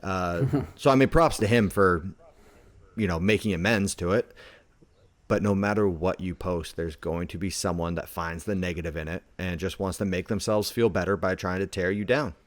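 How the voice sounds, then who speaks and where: Low-voiced man telling stories casually. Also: moderate pace, no echo. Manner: laid-back storytelling, heavy on filler words. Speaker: podcast co-host. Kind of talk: casual chat.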